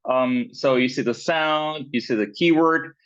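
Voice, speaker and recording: Slow-talking man teaching pronunciation. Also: medium pitch. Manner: slow, with many fillers and repeated words, checking in with "right?". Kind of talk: online class lesson. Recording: dull, lo-fi sound.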